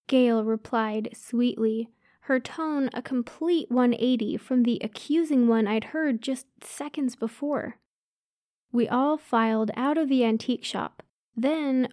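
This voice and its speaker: A woman's voice: a little high, fairly even intonation, measured pace, warm tone, dry recording, studio quality. A woman narrating a first-person story aloud, giving each character a light voice of their own.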